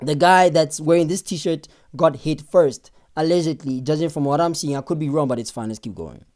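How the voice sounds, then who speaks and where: A man hosting a live stream, giving excitable, chatty commentary on video footage and often breaking off to pause it. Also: on the high side. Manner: excitable, chatty, keeps saying "hold on".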